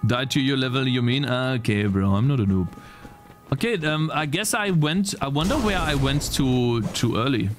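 A man with a medium-pitched voice, lively intonation and normal speed streams a video game with casual commentary. He talks to his chat, gets frustrated easily and swears freely, with game music in the background.

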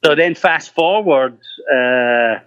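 Speaking slowly in a slightly high, slightly bright voice, a middle-aged man who sings rock swaps casual stories full of profanity and laughter. He mimics the voices of whoever he's quoting, on a muffled, lo-fi, dry recording.

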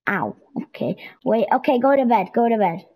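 A young woman giving casual, excitable commentary while playing a video game, pleading with and scolding game characters. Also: fairly high pitch, moderate pace, breathy edge, poor audio. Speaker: gameplay streamer. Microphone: headset or console mic.

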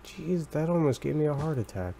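A young man casually commenting on a game he is playing, rambling and excitable, breaking into high squeals when startled. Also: fairly quick, vocal fry, a little hiss or hum. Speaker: let's play commentator.

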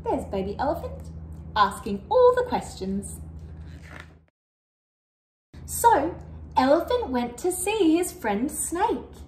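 Animated woman reading a kids' story. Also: sits high, slow, pauses often, echoey room, slight background noise. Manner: animated, asking the listener questions. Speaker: children's storyteller. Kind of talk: reading a picture book to children.

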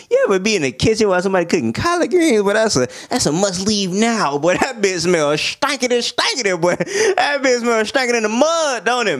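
A young man talks through an album review in a casual, slangy way, often getting excited. His voice sits a little higher than most men's. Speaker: music reviewer.

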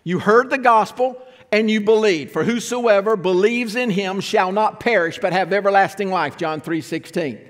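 High-voiced guy preaching, asks the church questions, big echoey sanctuary. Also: normal speed. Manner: explains and asks the congregation questions. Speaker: pastor. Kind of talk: sermon. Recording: long church reverb.

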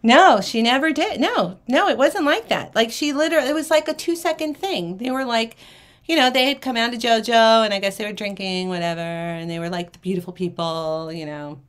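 A woman hosting a live jewelry shopping auction, chatting away and acting out the people in her stories, then dropping quietly to herself while she handles items. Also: on the high side, brisk. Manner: chatty, acts out quoted people in a lively way.

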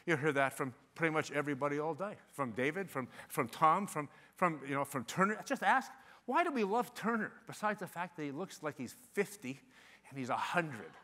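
High, bright-voiced animated man speaker. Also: fairly quick. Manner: animated, acts out quoted phone calls. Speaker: conference speaker. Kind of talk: motivational sales talk to an audience. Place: conference hall stage.

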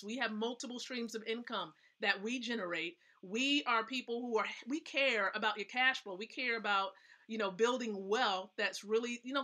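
On a casual live stream, a woman host speaks at a fairly high pitch with a pushed, bright tone. She's chatty and emphatic as she shares tips, frequently turning to her viewers with questions.

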